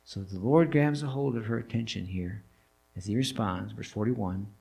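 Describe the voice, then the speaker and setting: Gravelly-voiced male pastor preaching. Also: fairly low pitch, moderate pace. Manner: animated storytelling with rhetorical questions. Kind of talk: sermon. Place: church sanctuary.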